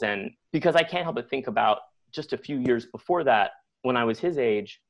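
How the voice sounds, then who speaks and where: A middle-aged man telling a personal story on live radio, conversational and animated, with many likes and acted-out quotes. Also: medium pitch, muffled recording. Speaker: storyteller guest.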